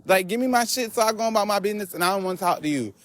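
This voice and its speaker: A man vlogging outdoors on a walk, telling a story in an animated, profane rant. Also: sits high, rapid-fire. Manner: animated, profane, laughing asides.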